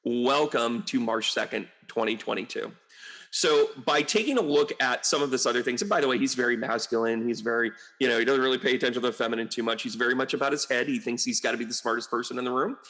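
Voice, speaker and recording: A man's voice: medium pitch, steady tone, fast, pushed and bright. Chatty rambling American male medium. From United States. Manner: rambling, chatty, with frequent fillers and asides. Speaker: medium and astrologer. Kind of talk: casual to-camera monologue.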